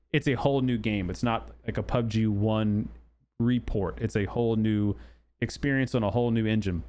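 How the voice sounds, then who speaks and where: A man's voice: mid-range voice, darkish tone. A man hosting a gaming channel, talking loosely through game news with many fillers and restarts. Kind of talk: casual commentary on game news.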